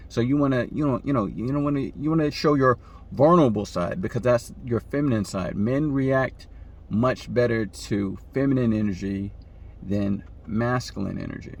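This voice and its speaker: A man giving relationship advice in a casual monologue, often asking "right?" and acting out the people he quotes with sudden jumps in pitch.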